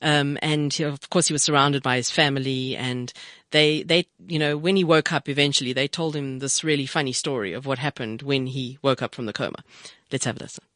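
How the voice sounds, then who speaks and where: A man's voice: mid-range voice, fairly even intonation, fairly quick, a bit bright, no echo, studio quality. A man co-hosting a casual radio chat, easygoing and backing up the host. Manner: easygoing, backs up the host with short agreements.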